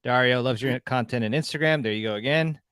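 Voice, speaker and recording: A man's voice: medium pitch, fast, fairly bright tone, smooth, no room sound, clean studio sound. A man from Canada hosting a live stream, casually reading out viewer comments with a laugh. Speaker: host.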